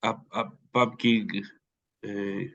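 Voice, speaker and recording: Slow, halting Peruvian man on a dull line. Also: fairly low pitch, level tone, a bit bright. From Peru. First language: Spanish. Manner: halting, searches for words. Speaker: English student. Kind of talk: interview practice answers.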